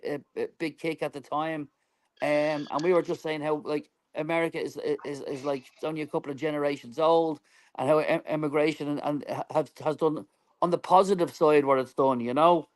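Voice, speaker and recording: A man, a band member guest, telling a story in an interview, animated and acting out dialogue with frequent laughs. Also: on the high side. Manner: animated, acts out quoted dialogue, laughs often.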